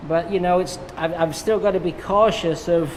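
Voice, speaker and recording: An English hairdresser talks through a haircut while he works, easygoing and chatty between snips. His voice carries a long reverb from a hard-walled salon. Steady background noise sits under it. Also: high-pitched, moderate pace. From England. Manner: relaxed, jokey, talks while cutting. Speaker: hairdresser demonstrating a cut. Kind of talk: live haircut tutorial with banter.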